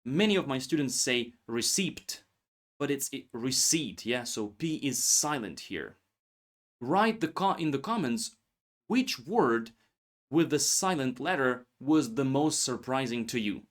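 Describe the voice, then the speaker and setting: A man teaching English pronunciation, saying single words slowly and clearly for learners to repeat. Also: medium pitch, lively intonation. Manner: slow, deliberate, stresses single words for repetition. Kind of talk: pronunciation lesson, word drills.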